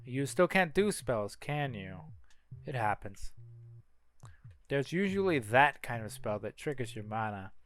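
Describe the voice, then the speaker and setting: A man's voice: mid-range voice, very animated, a little slow, fairly bright tone. A man voicing a cocky young male mage who teases his little sister, in a strange made-up accent. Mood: teasing. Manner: odd put-on accent, teasing.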